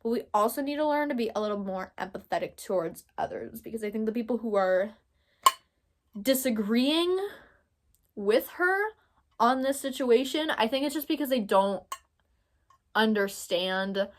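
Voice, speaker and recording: A woman's voice: fairly high pitch, sing-song, measured pace, long pauses, fairly bright tone. A young woman from Texas giving casual commentary, thinking aloud and rambling with lots of filler words. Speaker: commentary creator.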